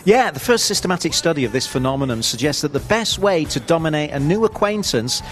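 A man's voice: on the high side, expressive, fairly quick, soft background music. A man co-hosting a radio show, explaining news stories in an easygoing way. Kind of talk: casual radio banter.

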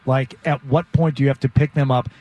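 A man co-hosting sports talk radio, animated and emphatic, with sarcastic rhetorical questions. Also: medium pitch, brisk, dull audio.

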